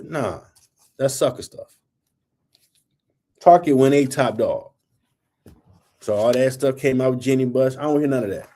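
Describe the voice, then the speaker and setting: A man's voice: on the high side, unhurried, long pauses, mellow. Blunt, heated male sports talk host. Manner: blunt, heated, colloquial, scolding. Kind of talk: opinionated sports rant.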